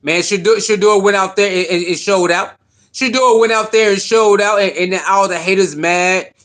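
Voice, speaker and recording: A man with a high voice hosts a casual sports livestream at a moderate pace. He's animated, repetitive, and slangy, greeting viewers in the chat by name.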